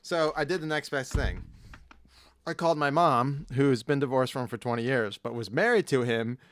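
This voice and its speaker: A man's voice: mid-range voice, moderate pace, fairly bright tone, no echo. A man in his thirties hosting a podcast, telling rambling stories and swearing freely in casual chat. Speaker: podcast host.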